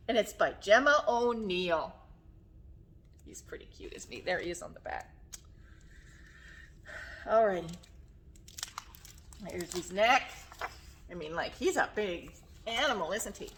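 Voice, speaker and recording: A woman with a slightly hoarse voice leading a children's story time, singing songs, making animal sounds and reading a picture book aloud in a coaxing sing-song way. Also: mid-range voice, animated, measured pace, pauses often, a bit bright, slight background noise. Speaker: children's librarian. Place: public library story room.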